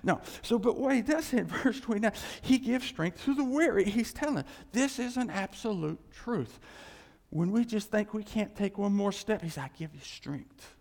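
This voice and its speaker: Male pastor mid-sermon, high and lively pitch, animated with hushed asides, church hall reverb. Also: moderate pace, gravelly. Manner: animated preaching, acting out quoted voices, hushed asides.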